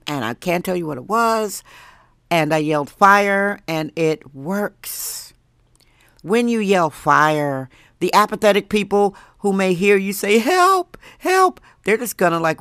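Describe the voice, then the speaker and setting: A hoarse woman from Wisconsin who has lost her voice, hosting a chatty, jokey solo podcast from home. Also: lowish voice, fairly bright tone, dry recording, studio quality. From Wisconsin, USA. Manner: chatty, jokey, laughs at herself. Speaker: podcast host. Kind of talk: casual solo monologue.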